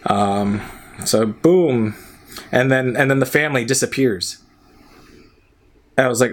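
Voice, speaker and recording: A man's voice: mid-range voice, a little slow, pauses often. A young man co-hosting a podcast, casually recapping a movie in a rambling way, laughing often and swearing. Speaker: podcast co-host.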